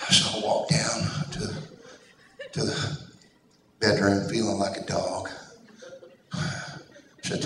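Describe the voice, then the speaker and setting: A man's voice: on the low side, little pitch movement, slow pace, pauses often, noisy background. A man preaching a sermon in a folksy, humorous storytelling manner. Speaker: pastor. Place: church sanctuary. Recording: echoey church hall from far off.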